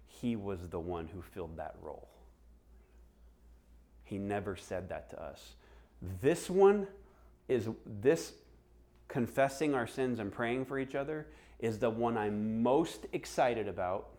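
A man's voice: lowish voice, measured pace. A middle-aged man preaching a sermon, telling stories and acting out the voices of people he quotes. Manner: animated storytelling, acts out quoted voices. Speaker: pastor.

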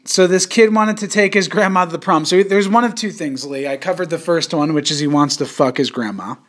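High-voiced joking male podcast host. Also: fairly quick, fairly bright tone. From suburbs of New York City. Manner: crude joking, puts on an old-timey voice. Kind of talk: casual podcast chat.

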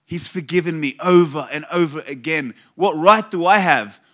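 A man's voice: on the high side, fairly bright tone. Earnest man preaching a story sermon. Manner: earnest, conversational storytelling with slow emphatic phrases. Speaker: pastor.

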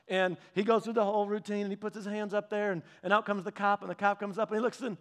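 A man's voice: high-pitched, fast. A middle-aged man preaching a sermon, telling family stories with humor, chuckling and restarting his sentences. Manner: animated, humorous storytelling with frequent laughs and restarts. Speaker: pastor. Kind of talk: storytelling sermon.

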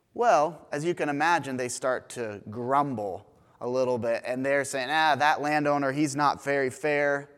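A man preaching a sermon in a church, retelling a parable in a lively storytelling manner. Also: mid-range voice. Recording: long reverb of a church hall.

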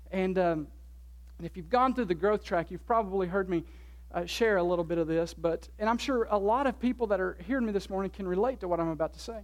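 Emphatic preacher repeating key words. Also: high voice. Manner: asks the congregation questions and answers them. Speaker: pastor. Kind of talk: sermon.

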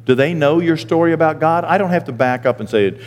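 Older pastor preaching in a reverberant hall. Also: male voice, fairly quick. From Maine. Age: 60s. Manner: storytelling, jumps into high squeaky voices for quoted people. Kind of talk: sermon. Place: church sanctuary.

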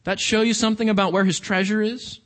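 High-voiced man preaching a sermon. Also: level tone, quick pace, a bit bright. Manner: conversational, emphatic with rhetorical questions.

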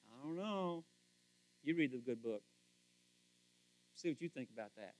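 A man preaching a sermon, animated and asking the congregation direct questions, moving from hushed asides to shouts. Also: on the high side, moderate pace, long pauses, no room sound. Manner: talks straight to the congregation with questions. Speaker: pastor.

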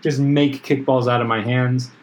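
A man's voice: medium pitch, steady tone, normal speed, low-quality recording. A man chatting casually, joking around and laughing often. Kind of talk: casual chat.

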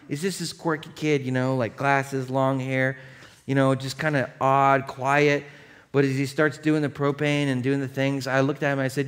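A man in his thirties, a pastor giving a conversational, storytelling sermon that builds into impassioned preaching. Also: mid-range voice.

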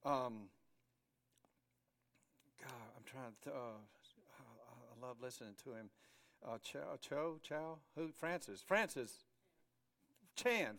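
A middle-aged male pastor preaching a sermon, animated, acting out quoted voices with many restarts and repetitions. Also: mid-range voice.

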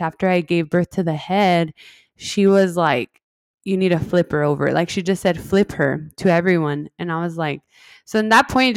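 Recorded with no echo, a young adult woman with a lowish voice narrates her birth story as a podcast host. She laughs, says "like" a lot, and brings quoted dialogue to life in a casual, chatty style.

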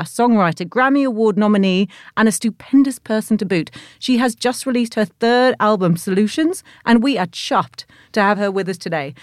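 A woman's voice: mid-range voice, no room sound, studio quality. A woman hosting a podcast interview, reading her intro and then chatting with enthusiasm and easy laughter. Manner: upbeat, enthusiastic, laughs easily. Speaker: podcast host. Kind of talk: scripted intro then casual interview chat.

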